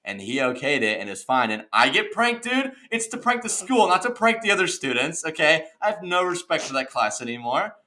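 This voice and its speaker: A young man co-hosting a podcast, telling a story in a casual, animated rant and saying "dude" and "okay" a lot. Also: on the high side, brisk, hardly any pauses. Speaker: podcast co-host. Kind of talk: casual chat.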